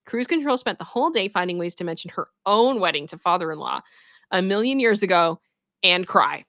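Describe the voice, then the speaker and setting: Casual female commentary host with a bright, somewhat high voice, chatty and animated, dry close sound. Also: a little fast, no echo, highs cut off. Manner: chatty, laughs often, animated reactions.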